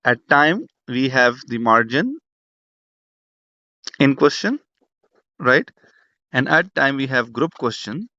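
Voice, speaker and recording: A man's voice: mid-range voice, sing-song, slow, pauses often, sharp tone, no echo. A man teaching an online exam prep class, talking loosely and repeating himself with many restarts. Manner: repetitive, restarts a lot, lots of fillers. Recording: dull, dry lo-fi sound.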